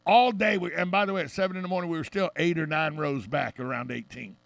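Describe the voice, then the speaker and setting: A man's voice: fairly high pitch, fast, vocal fry, no room sound. A man hosting a radio talk show, telling long anecdotes in a casual chat. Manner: storytelling, animated anecdotes.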